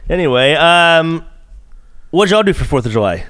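A man's voice: a little high, sing-song, normal speed, fairly bright tone, no room sound. Rambling, profane man hosting a podcast. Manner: rambling, profane, full of fillers and restarts. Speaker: podcast host. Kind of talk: casual bickering podcast banter.

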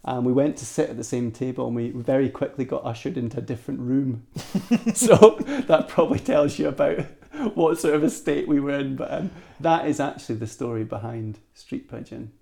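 A Scottish man, a podcast guest, telling a story in a lively style, with many restarts. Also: mid-range voice, brisk, gravelly, few pauses. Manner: animated storyteller, restarts and laughs. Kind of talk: anecdotal storytelling.

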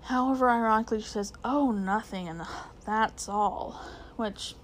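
A woman's voice: fairly high pitch, steady tone, normal speed, slight background noise. A woman teacher talking through literary devices from a novel, in a conversational way with frequent fillers and restarts. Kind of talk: literature lesson explaining a novel.

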